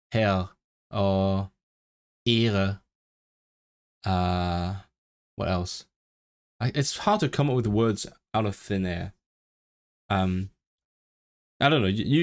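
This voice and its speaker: Guy streaming his language study, lowish voice, keeps repeating words to get them right, desk mic. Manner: halting, repeats words while practising pronunciation. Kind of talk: live-stream study session, reading aloud.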